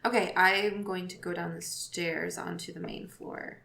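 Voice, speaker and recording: A woman with a gravelly, creaky voice, speaking slowly as a player who asks careful questions about the scene. Her voice echoes in a roomy space. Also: lowish voice, steady tone, pushed and bright, slight background noise. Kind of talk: casual tabletop banter. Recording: roomy home recording.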